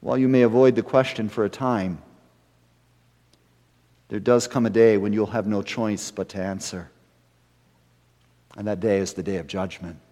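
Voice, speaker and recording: A man preaching a sermon as pastor, building to emphatic rises and then dropping to hushed, serious lines. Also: lowish voice. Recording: long hall reverb.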